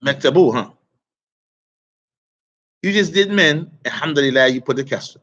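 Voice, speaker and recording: A man's voice: medium pitch, expressive, normal speed, fairly bright tone, highs cut off. A man teaching an online Arabic grammar lesson, quizzing students and praising their answers with casual asides.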